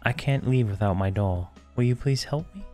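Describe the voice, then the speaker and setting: A man voicing a lost little ghost girl in a game, high and pleading in a childlike way. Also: animated, moderate pace, warm tone, faint music behind, natural voice.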